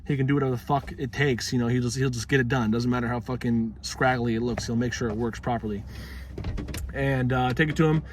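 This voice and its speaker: A man's voice: medium pitch, fairly even intonation, fast, a little hiss or hum. A young man talking casually to his vlog audience, rambling and swearing freely in a laid-back way. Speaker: vlogger.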